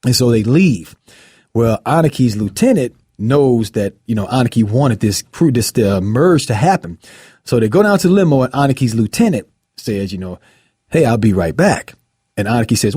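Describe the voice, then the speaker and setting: A man hosting a podcast in casual chat, an animated storyteller who acts out the scenes he retells. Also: lowish voice, fairly quick, slightly rough, dry recording, studio quality. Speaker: podcast host.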